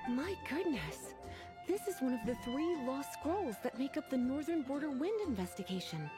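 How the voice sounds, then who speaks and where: A woman's voice: sits high, big pitch swings, moderate pace. A woman voicing a prim, haughty young librarian in a video game, speaking in a proper, haughty manner over game music. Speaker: librarian collecting overdue books. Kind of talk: video game character dialogue.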